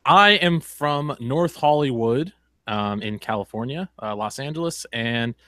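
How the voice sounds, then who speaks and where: A man's voice: medium pitch, animated, measured pace, a bit bright, dry recording, studio quality. A man from northern New York, guest on a casual podcast, laid-back and laughing often.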